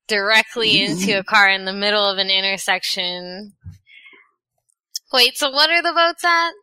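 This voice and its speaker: Slow-talking, bright-voiced woman in casual chat. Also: mid-range voice, clean tone, no room sound, low-quality recording. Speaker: podcast co-host.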